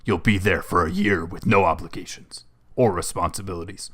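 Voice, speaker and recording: A man's voice: fairly even intonation, a little fast, a bit bright. A man doing a grisly movie trailer announcer. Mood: dramatic. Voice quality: gravelly, booming. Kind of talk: gaming commentary.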